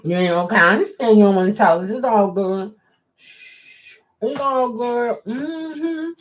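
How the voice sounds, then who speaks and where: A woman's voice: a little high, measured pace. A woman chatting casually on a live stream as a rideshare driver, answering viewer comments and laughing often. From Baltimore. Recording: dull lo-fi sound.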